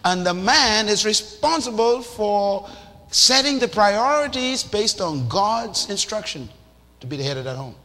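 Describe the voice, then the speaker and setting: A man preaching a sermon in a lively, animated way, acting out little scenes and shouting for emphasis. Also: high-pitched, measured pace. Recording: reverberant hall with faint noise.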